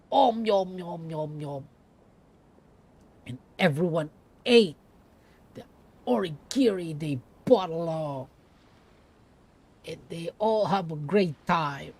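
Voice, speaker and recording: A woman's voice: fairly low pitch, a little mellow, husky. A young woman streamer reading a story aloud with playful, self-mocking asides.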